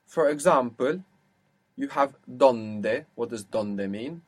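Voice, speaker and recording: A man explains grammar in a steady mid-range voice during a one-to-one lesson. He is patient and methodical, and he slows down to spell out and model words for his student. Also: medium pitch. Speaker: language teacher. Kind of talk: one-to-one spoken language lesson.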